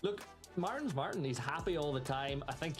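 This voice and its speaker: A man's voice: on the high side, expressive, brisk. Wry male esports panelist, music behind. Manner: wry and self-deprecating. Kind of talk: live esports panel chat.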